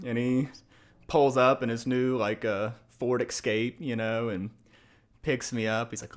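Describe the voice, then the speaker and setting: Young man telling a story, lively. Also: medium pitch, measured pace. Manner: animated, acts out quoted voices, laughs often. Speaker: podcast guest. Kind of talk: casual storytelling.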